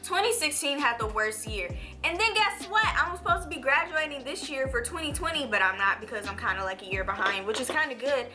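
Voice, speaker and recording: A young woman chatting through a makeup tutorial, rambling and animated, her voice jumping up when she rants. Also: moderate pace, few pauses, music in the background. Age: young adult. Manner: animated, rambling, swoops high when ranting. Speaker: beauty vlogger.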